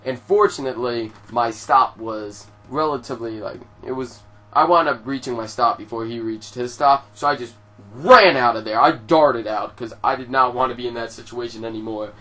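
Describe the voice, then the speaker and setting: A man's voice: mid-range voice, normal speed. Young new guy telling a story to his viewers, swears a lot, says like constantly, normal mid voice. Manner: profane, animated storytelling with frequent fillers. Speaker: vlogger. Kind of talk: casual storytelling to camera.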